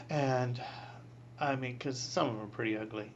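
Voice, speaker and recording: A man in his sixties, a priest, telling a personal story in an interview, animated, acting out voices and laughing often. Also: medium pitch, normal speed, lo-fi sound, slight background noise.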